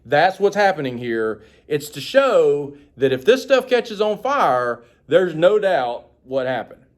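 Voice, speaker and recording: A man's voice: on the high side, sing-song, takes it slowly. A man teaching a Bible study, reading passages aloud and explaining them in a casual, conversational way with frequent asides. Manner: reads quotes with raised, dramatic emphasis.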